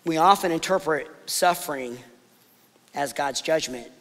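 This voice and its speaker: A male pastor with a high voice preaches in a big church hall whose long reverb trails after each phrase. He talks casually, telling stories, then slows into soft, weighty pauses. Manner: conversational storytelling, drops to soft emphatic pauses. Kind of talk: sermon.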